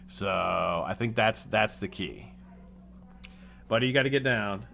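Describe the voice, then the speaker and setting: An American man hosting a casual live stream, chatty and animated, greeting chat and swearing freely. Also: lowish voice, measured pace, vocal fry, a little hiss or hum. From United States. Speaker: livestream host.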